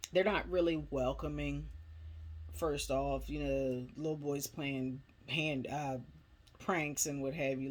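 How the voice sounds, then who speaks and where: Chatty woman recapping a movie plot. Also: a bass voice. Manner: chatty, rambling, many "you know" fillers.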